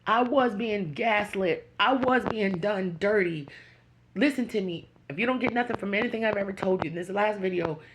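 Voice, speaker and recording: A woman's voice: medium pitch, moderate pace, noisy background. A woman hosting her own channel, talking straight to her viewers with earnest, preaching encouragement. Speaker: YouTube channel host. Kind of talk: emotional direct-to-camera talk.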